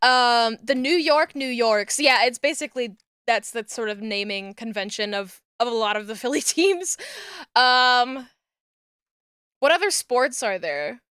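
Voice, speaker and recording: A young woman streaming from a small room at home, talking into a desk mic. Her voice is bright and a little high, and the sound is close and dry. She rambles in a chatty way and breaks into excited yelling. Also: a little slow, smooth, no room sound. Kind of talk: casual livestream chat while crafting.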